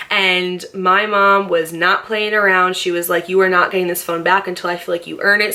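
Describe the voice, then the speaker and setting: A woman's voice: lowish voice, bright, forceful tone. A young woman vlogger telling a personal story in a casual, chatty way, swearing freely and acting out the voices of the people she quotes.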